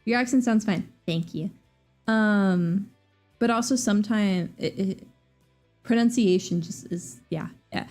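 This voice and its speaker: Fast-talking Southern woman streamer. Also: medium pitch, soft background music. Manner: fast, rambling and animated, with many fillers and restarts. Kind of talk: casual livestream chat.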